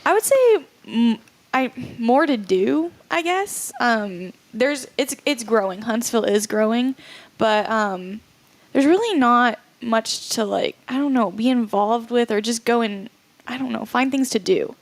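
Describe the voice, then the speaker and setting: A woman's voice: a little high, lively intonation, unhurried, no echo. Hesitant young woman, dry close sound. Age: young adult. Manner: hesitant, with many fillers. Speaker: guest. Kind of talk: casual chat.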